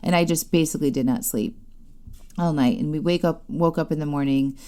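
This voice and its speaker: A woman in her thirties hosting a podcast, telling a personal story in a chatty, animated way with many fillers. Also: deep voice, brisk. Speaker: podcast host. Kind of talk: casual storytelling monologue.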